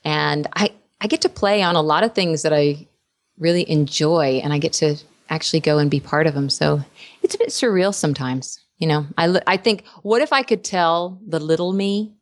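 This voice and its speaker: A woman actress in casual interview chat, an animated storyteller who laughs often. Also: low-pitched, moderate pace, no room sound. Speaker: actress and voice performer.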